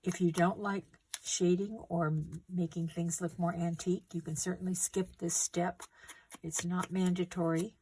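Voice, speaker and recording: A paper craft is demonstrated step by step by a middle-aged woman hosting a craft tutorial. Her slightly low voice stays gentle and unhurried as she works on the table, with a faint hiss behind her.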